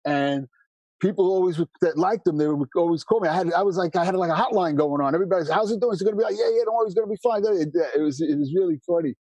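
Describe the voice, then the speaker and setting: A man from New York, a musician guest in a casual interview, telling stories quickly with lots of restarts. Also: high-pitched, no echo. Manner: fast, animated storyteller with many restarts.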